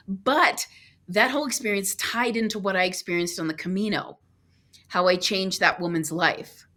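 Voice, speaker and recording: A woman guest on a podcast, telling a personal travel story in an earnest, animated way, acting out what people said. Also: mid-range voice, normal speed.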